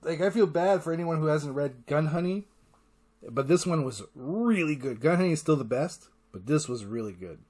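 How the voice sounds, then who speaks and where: A man's voice: fairly high pitch, animated, a little mellow. A man hosting a casual solo podcast, rambling with enthusiasm and swearing freely. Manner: enthusiastic, profane, rambling retelling; acts out character lines in quick voices. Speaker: podcast host.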